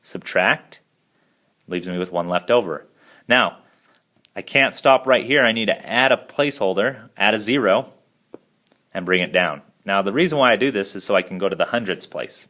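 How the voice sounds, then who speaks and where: Low-voiced man explaining math steps. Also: moderate pace. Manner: steady step-by-step explaining. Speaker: math teacher. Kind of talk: narrated math lesson.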